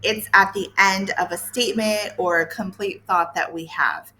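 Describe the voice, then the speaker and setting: A woman's voice: medium pitch, steady tone, moderate pace, pushed and bright, a little hiss or hum. A woman teaching English to learners, explaining patiently with playful emphasis and sound words. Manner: patient, repeats key points. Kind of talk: explaining lesson to camera.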